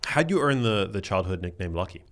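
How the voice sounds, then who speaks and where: Male podcast host, very low voice, relaxed, short reactions. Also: a little fast. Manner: relaxed, with brief reactions and casual questions. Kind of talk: interview conversation.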